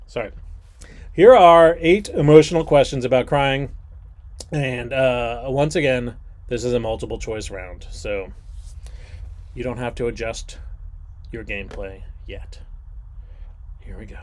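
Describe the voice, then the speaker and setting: A man's voice: mid-range voice, normal speed, pauses often. A man in his forties hosting an online trivia game, joking and rambling between questions. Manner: jokey, rambling asides, animated.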